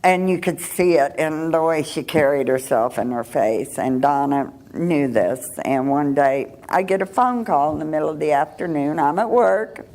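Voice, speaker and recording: An older woman giving a personal testimony at church, telling her story in a halting, unhurried way with restarts and soft laughs. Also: low voice.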